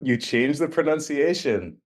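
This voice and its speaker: A man from Staten Island co-hosting a business podcast, talking in a relaxed, anecdotal way. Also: a little high, a little slow. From Staten Island, New York. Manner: relaxed, storytelling, many fillers and restarts. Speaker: podcast co-host. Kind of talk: casual conversational podcast chat.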